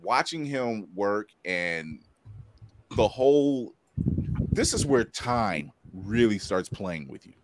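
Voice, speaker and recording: A man co-hosting a casual podcast review chat, animated and laughing often as he acts out quotes. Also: fairly low pitch, slow, a little hiss or hum. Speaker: podcast co-host.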